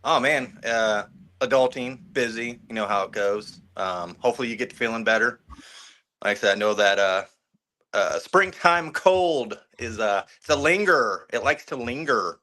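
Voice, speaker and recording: A man's voice: medium pitch, lively intonation, moderate pace, sharp tone. A man co-hosting a podcast in casual chat, laid-back and friendly, mostly giving short replies. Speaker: podcast co-host.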